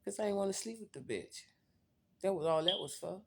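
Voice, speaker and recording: A woman's voice: medium pitch, lively intonation, a little fast, a little hiss or hum. A woman vlogger telling a personal story in a blunt, profane, candid way, talking straight to her viewers.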